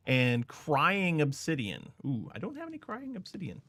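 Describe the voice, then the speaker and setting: A man's voice: on the high side, huge pitch swings, normal speed, sharp tone, no room sound. A man streaming a game, chatting casually with his viewers while he thinks aloud about what he is doing. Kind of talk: casual gameplay commentary.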